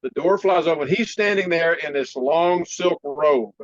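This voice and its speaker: A man telling a story in a casual interview, animated and laughing often, clearing his throat now and then. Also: on the high side, unhurried, lo-fi sound. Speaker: martial arts teacher, interview guest.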